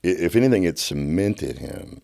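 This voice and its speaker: Middle-aged guy with a super deep voice, passionate podcast guest, keeps restarting his sentences, dry close mic. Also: moderate pace, vocal fry, no echo. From United States. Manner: animated, repeats words and restarts sentences. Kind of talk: passionate storytelling. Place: podcast studio.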